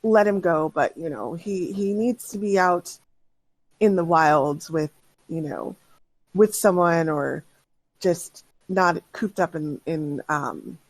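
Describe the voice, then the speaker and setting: A woman voicing a male animal keeper, speaking haltingly. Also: lowish voice, voice pushed down, poor audio. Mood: wistful. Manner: halting, hesitant.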